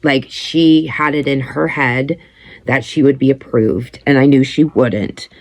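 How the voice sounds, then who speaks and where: A blunt, foul-mouthed woman in her thirties telling her own story as a podcast host. Her voice has a gravelly, fried edge, and the sound is close and dry. She breaks into lively quoted voices as she talks. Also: extremely low pitch, unhurried, no room sound. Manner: blunt, heavy swearing, animated quoting. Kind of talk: candid personal storytelling.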